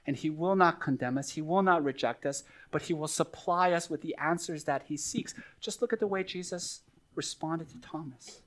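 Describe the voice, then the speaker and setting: A man's voice: a little high, normal speed, fairly bright tone. A middle-aged male pastor preaching a sermon in an earnest, conversational teaching manner with friendly asides.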